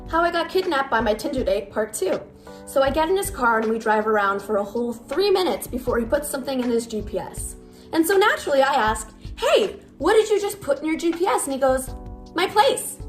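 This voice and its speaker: Twenties girl doing a storytime on her phone, swears a lot, kinda high voice, soft music behind. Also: fairly quick. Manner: animated, blunt, swears freely. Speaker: TikTok storyteller. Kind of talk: casual storytime to camera. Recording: music bed underneath.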